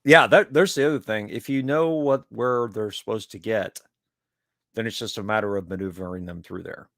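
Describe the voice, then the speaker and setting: A man co-hosting a writing podcast, talking in a loose, animated way with frequent laughter and swearing. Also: on the low side, normal speed, vocal fry, no echo, studio quality. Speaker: podcast co-host; writer. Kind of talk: casual chat.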